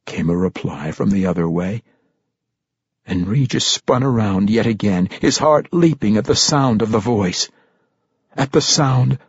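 Slow, husky male audiobook narrator. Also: medium pitch, no room sound, lo-fi sound. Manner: measured, dramatic storytelling. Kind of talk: scripted fantasy audiobook narration.

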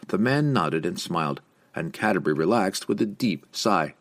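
A man with a low, slightly husky voice reads a fantasy novel aloud. His delivery is expressive, with a lively, rolling melody. It is a steady, scripted audiobook narration. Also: moderate pace. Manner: expressive storytelling with lively inflection.

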